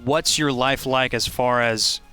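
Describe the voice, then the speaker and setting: A man's voice: medium pitch, fairly even intonation, measured pace, sharp tone, clear, resonant tone, faint music behind. A man interviewing a voice actor, asking long, curious, conversational questions.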